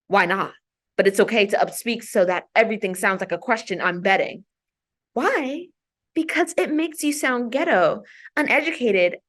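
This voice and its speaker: A woman from Maryland performing spoken-word poetry recitations as an invited guest, with a deliberate, emphatic delivery. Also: fairly high pitch.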